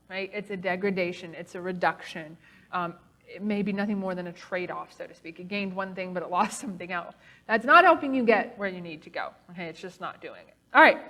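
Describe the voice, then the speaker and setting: A woman giving a lecture presentation, animated and emphatic, checking in with the audience with frequent "okay?" and "right?", sometimes sardonic. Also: fairly high pitch. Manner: sardonic, laughs at opposing claims.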